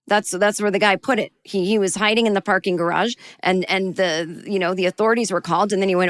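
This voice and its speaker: A woman comedian hosts a solo podcast, recounting a personal story with a wry, self-deprecating edge. She sounds animated as she retells it, with a mid-range voice. The recording is dry and close, with no room sound. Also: medium pitch, quick pace, no room sound.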